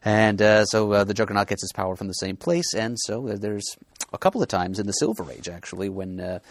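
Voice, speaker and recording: A man co-hosting a podcast, explaining comic lore in a thoughtful, halting way full of fillers. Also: fairly low pitch, dry recording. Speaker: podcast co-host. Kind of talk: casual podcast discussion.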